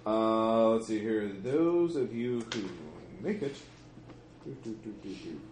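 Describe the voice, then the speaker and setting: A man's voice: lowish voice, lively intonation, a little slow. A man narrating a tabletop horror game as game master, hesitant, with many fillers and idle humming. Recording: echoey room with faint noise.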